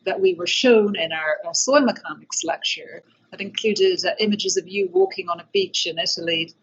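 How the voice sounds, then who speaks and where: A woman's voice: fairly low pitch, normal speed, husky, lo-fi sound. A woman in her forties interviewing a guest in a university lab, curious and building her questions aloud as she goes. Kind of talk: conversational interview.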